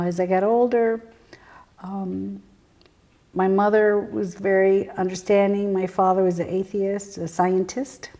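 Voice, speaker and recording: A woman guest telling personal stories in an interview, earnest and reflective, halting with fillers and sometimes sinking to a near whisper. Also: mid-range voice, mellow. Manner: halting, with frequent fillers and restarts. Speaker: guest, spiritual medium.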